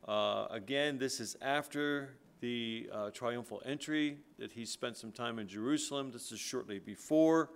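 Smooth-voiced man preaching a sermon. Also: mid-range voice, unhurried, few pauses. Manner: conversational, with frequent fillers, building to emphatic scripture reading. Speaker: pastor.

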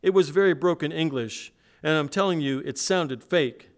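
A man's voice: fairly high pitch, normal speed, voice pushed up, lightly acted. A man preacher reading aloud the words of a frightened male airline passenger on an emergency call, in an urgent, pressed way. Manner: urgent, pressed, raised read-aloud delivery.

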